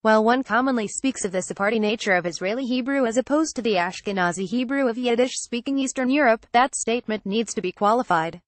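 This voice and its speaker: A woman's voice: on the high side, fast, few pauses, no room sound. Woman reading an article, dry studio. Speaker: reader.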